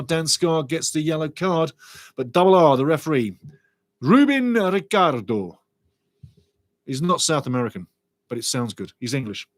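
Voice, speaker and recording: A middle-aged man hosts a live football watch-along, calling the play with excitable, chatty energy. His voice sits a touch high, and the sound is dry and close with no room around it. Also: dry recording. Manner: excitable, chatty, reads viewer comments aloud.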